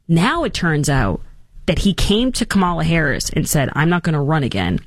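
A woman hosts an opinionated commentary show and talks with wide swings of pitch. She mocks the people she talks about and acts out their words. The sound is dry and close. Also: moderate pace, no echo. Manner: animated, mocking, acts out quotes.

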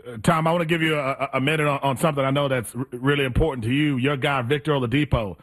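A man's voice: medium pitch, steady tone, very fast, a bit bright. A man co-hosting a sports radio show, asking questions with some stammering restarts. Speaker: radio co-host. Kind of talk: sports radio interview and banter.

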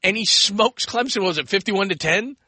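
An American man hosting a call-in sports radio show, talking in an energetic, rambling way and taking calls. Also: high voice, moderate pace, breathy edge, no room sound. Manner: energetic, rambling, acts out quoted voices.

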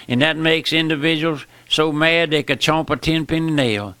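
A man preaching a sermon with impassioned pitch jumps, slowing down for emphasis and calling out "my friend" often. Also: pushed and bright, clear, resonant tone, dry recording.

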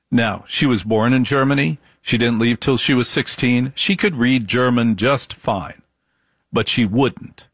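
A man holds forth in an emphatic storytelling monologue, hammering points home with repetition and rhetorical questions. His voice sits at an ordinary middle pitch. The recording is dry and close, with no room sound. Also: unhurried, fairly bright tone, breathy edge, no room sound. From United States. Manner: emphatic, repeats phrases for effect, rhetorical questions. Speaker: speaker telling personal stories.

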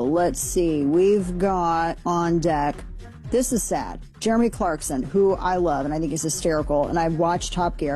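A woman's voice: low voice, mellow. A woman hosting a talk radio show, chatting loosely through news items with many fillers and restarts.

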